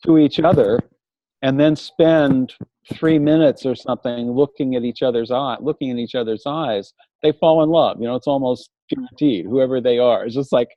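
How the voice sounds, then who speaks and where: A man speaking as a guest in a casual discussion, explaining ideas and telling anecdotes in a measured way. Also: medium pitch, no echo. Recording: dull dry lo-fi audio.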